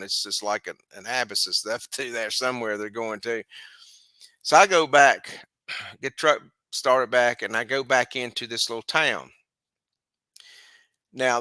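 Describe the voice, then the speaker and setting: A man's voice: medium pitch, pushed and bright, clear, resonant tone, dry recording. A middle-aged man, rambling through a long story as host of a live stream, restarting phrases and chuckling. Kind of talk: casual storytelling, recounting a dream. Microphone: live stream mic.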